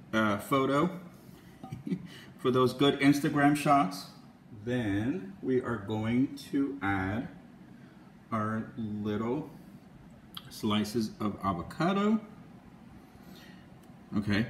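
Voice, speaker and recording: A man's voice: mid-range voice, roomy sound, slight background noise. A young man hosting a casual cooking vlog, upbeat and chatty, with lots of ums and small laughs. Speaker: cooking channel host.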